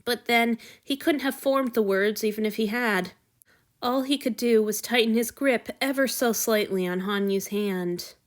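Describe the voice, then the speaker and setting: A woman reading a story aloud in an earnest, expressive way. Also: on the high side, measured pace. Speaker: reader. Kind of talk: reading fan fiction aloud.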